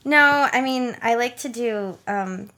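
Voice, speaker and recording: A woman's voice: on the high side, takes it slowly, bright, forceful tone. A young woman chatting casually as an interview guest, filling her talk with "like" and acting out what she said. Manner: chatty, peppered with "like", acts out quotes. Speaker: guest, performer.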